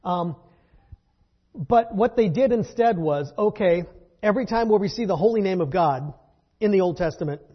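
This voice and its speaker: A man's voice: sits high, animated, normal speed, slightly rough, lo-fi sound. A man teaching a Bible lesson to a group in a conversational, wry way, with fillers and rhetorical questions.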